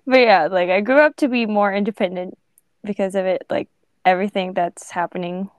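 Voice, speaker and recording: A woman's voice: medium pitch, fairly quick, clean tone, no room sound. A woman in her twenties from the Philippines, co-hosting a podcast in casual, candid chat, swearing freely and laughing often. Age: 20s. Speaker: podcast co-host.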